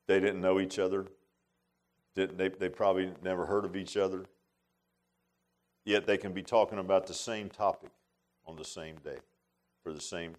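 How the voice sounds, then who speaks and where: A man preaching a sermon in a folksy, emphatic way, with many asides to the congregation. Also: medium pitch. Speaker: pastor.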